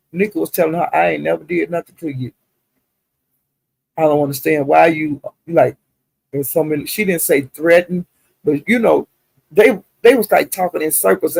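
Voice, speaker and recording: Gravelly older Southern woman ranting. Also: on the low side, darkish tone, no room sound. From Southern United States. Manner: profane, indignant and emphatic. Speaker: live-stream host. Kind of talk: casual live-stream rant.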